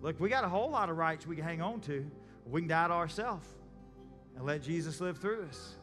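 Brisk and animated, with a fairly bright, slightly high voice, an adult pastor and parent preaches in a church sanctuary. His sermon unfolds as conversational storytelling in which he performs his characters' voices, with long reverb and faint music in the recording.

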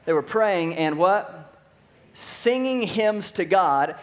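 A pastor preaching a sermon in an animated way, acting out voices and asking the audience questions. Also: male voice, high voice, slow pace, pauses often.

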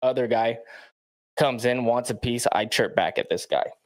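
A man's voice: mid-range voice, moderate pace. A man, a professional athlete, telling a story bluntly in short emphatic sentences, often checking in with the listener. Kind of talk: storytelling in a played clip.

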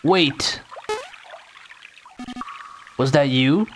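Slow, joking man commenting on a game. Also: a little high, lively intonation, slight background noise. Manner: joking, playful asides. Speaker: gaming channel host. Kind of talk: casual gameplay commentary.

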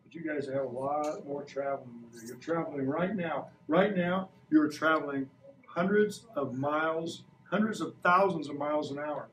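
A man's voice: on the high side, moderate pace, a bit bright, a little hiss or hum. A man in his sixties teaching a science lesson to a class, playful and quizzing the kids. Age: 60s. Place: school classroom. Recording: echoey classroom from far off.

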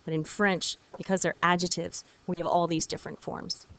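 Woman teacher, video lesson; patient, encouraging, slightly low voice, repeats words for students. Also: little pitch movement, normal speed, gravelly, fairly bright tone. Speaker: French teacher.

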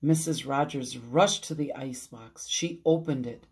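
A woman pastor reading a picture book aloud for children's storytime, adding animated asides. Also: very deep voice, measured pace, hardly any pauses. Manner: animated, chuckling asides to young listeners.

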